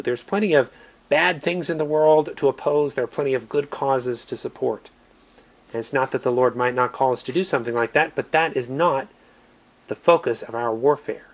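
An American man preaching a sermon, earnest, moving between emphatic lines and quiet ones. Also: mid-range voice. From United States.

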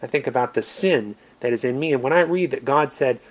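An American man preaching a sermon, earnest, moving between emphatic lines and quiet ones. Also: mid-range voice, a little fast, few pauses. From United States.

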